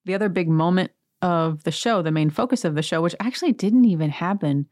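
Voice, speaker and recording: A woman's voice: fairly low pitch, fairly quick, darkish tone, dry recording, clean studio sound. A woman hosting a podcast, recapping reality TV in a chatty, gossipy, wry way. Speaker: podcast host.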